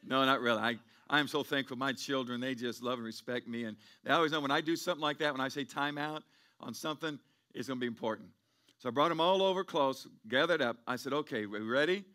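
A man's voice: mid-range voice, quick pace, pushed and bright. A middle-aged man preaching a sermon as pastor, rambling and repeating himself, then building to emphatic peaks.

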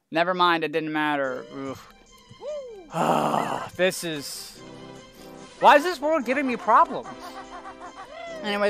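A man's voice: a little high, fairly bright tone. A young man giving rambling gameplay commentary, easily exasperated and ranting at the game. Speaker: let's play commentator.

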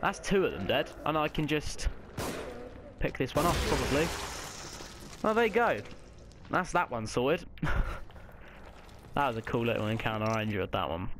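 Man, casual game commentary, mid-pitched, swears a lot, background noise audible. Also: moderate pace, long pauses. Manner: chatty, swears often, reacts loudly to the game. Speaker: let's play gamer.

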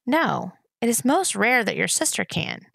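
Woman reading as a calm kindly man, quaint formal speech, gravelly, dry sound. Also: fairly high pitch, a little slow, dry recording, voice pushed up, heavily acted. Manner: old-fashioned formal phrasing, calm.

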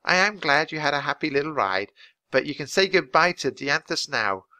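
A man's voice: fairly high pitch, lively intonation, normal speed, pushed and bright. A man reading aloud, voicing a bossy, scheming teenage girl villain in a storybook.

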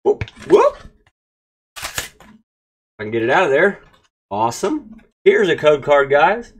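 A man hosting a casual card pack-opening vlog, excitable and gushing as he talks straight to his viewers. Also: fairly high pitch, takes it slowly, slight background noise. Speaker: card-opening channel host.

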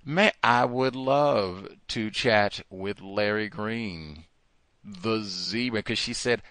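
A man hosting a call-in talk show, speaking in an animated, emphatic way and repeating words for stress. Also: lowish voice, slow pace, no echo. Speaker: host. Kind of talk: call-in radio talk monologue.

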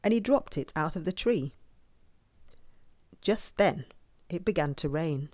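A woman reads a children's picture book aloud, expressive and pausing to ask the young listener questions. Her voice is a little low but swings widely in pitch, and she takes her time. The recording is dry and close. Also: no room sound. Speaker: storyteller. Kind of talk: children's story read-aloud.

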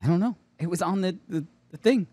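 A man's voice: high-pitched, quick pace, dry recording. A man hosting a pop culture podcast in casual chat, laughing often as he tells stories. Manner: laughs often, animated storytelling. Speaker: podcast host.

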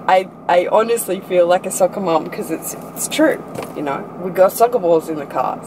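A woman in her thirties chatting casually to camera as a vlogger, rambling with quick asides, filmed on a handheld phone inside a car. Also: on the low side. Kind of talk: casual vlog chat to camera. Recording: steady background noise.

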